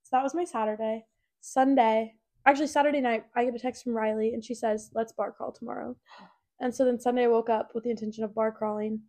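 A young woman in her twenties co-hosts a podcast, talking casually with a fairly high voice. She rambles through her stories with plenty of fillers. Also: fairly even intonation, quick pace, dark tone. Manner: chatty storyteller, lots of "like"s. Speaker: podcast co-host. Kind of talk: casual chat.

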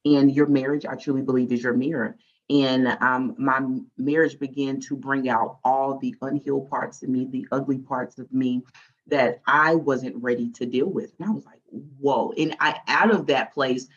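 A woman guest giving a candid, heartfelt faith testimony and acting out her past self in lively quotes. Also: extremely low pitch, moderate pace, muffled recording.

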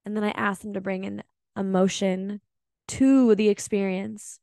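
A woman's voice: mid-range voice, little pitch movement, a little slow, gravelly, mellow, smooth, dry recording. Heartfelt woman podcaster, dry close sound. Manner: heartfelt, emphatic, occasional swearing. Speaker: podcast host. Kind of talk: reflective podcast monologue.

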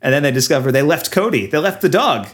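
A man's voice: a little high, animated, quick pace. A man co-hosting a podcast in casual chat, recapping a film with frequent fillers and laughs. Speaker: podcast co-host.

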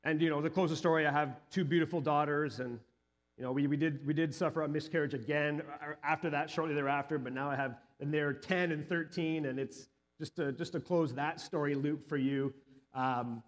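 A man's voice: fairly high pitch, fairly even intonation, normal speed. A male pastor in his thirties or forties giving a sermon, telling a personal story earnestly and building to emphatic peaks.

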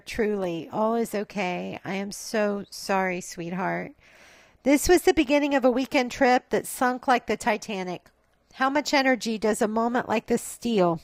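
A woman's voice: on the high side, no room sound, rough recording. A woman hosting a podcast, telling a reflective, confessional personal story. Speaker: podcast host.

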